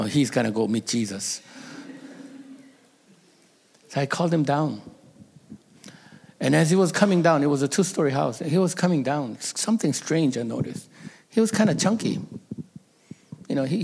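A man's voice: fairly high pitch, lively intonation, moderate pace, vocal fry, pauses often, darkish tone, breathy edge. A middle-aged man, a pastor, telling a personal story in a sermon, emotional and at times dropping to a whisper.

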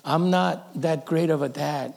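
Middle-aged male pastor with a raised, gravelly voice; tells sermon stories with feeling, slipping into whispers. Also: a little high, unhurried, a little mellow. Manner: emotional storytelling, dropping to a whisper for tender words. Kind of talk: sermon storytelling.

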